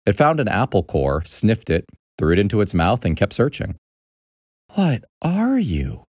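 Deep, lively storybook narrator, man. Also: moderate pace, no echo, clean studio sound. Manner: animated, expressive reading. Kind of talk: storybook reading.

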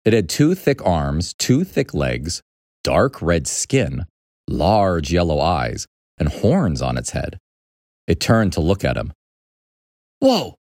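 A man reading a children's story aloud with an animated, expressive delivery. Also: low voice, takes it slowly, no room sound, studio quality. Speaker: narrator.

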